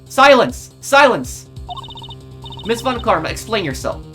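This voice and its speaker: A man's voice: a little high, expressive, fast talker, close to an everyday voice. A man voicing a stern female judge who speaks formally and commands the court, over game music.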